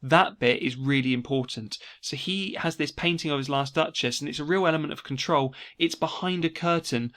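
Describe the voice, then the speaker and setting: A man teaching an exam revision lesson, explaining steadily and slowing down to stress key words. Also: medium pitch, a bit bright. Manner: explanatory, repeats key words slowly for emphasis. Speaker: English teacher.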